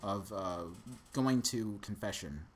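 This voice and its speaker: Speaking slowly in a fairly low, expressive voice, a young man co-hosts a casual podcast and rambles sarcastically through a movie plot. His delivery is loaded with filler words as he reviews the film.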